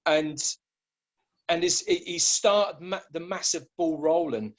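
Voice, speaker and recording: Rambling man with a higher voice. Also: takes it slowly, low-quality recording. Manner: rambling, with many restarts and repeated words. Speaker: guest. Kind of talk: casual conversation.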